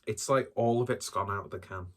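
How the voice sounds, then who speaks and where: A man's voice: lowish voice, a little fast. A man doing a casual solo beer review, talking in a rambling, hesitant and self-deprecating way.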